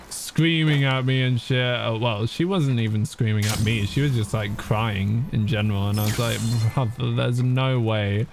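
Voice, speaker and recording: Gravelly and medium-pitched, this male streamer's voice comes through with a little hiss or hum. He chats casually with his viewers during a live game, laughing, cursing, and reading out chat messages in relaxed gameplay commentary.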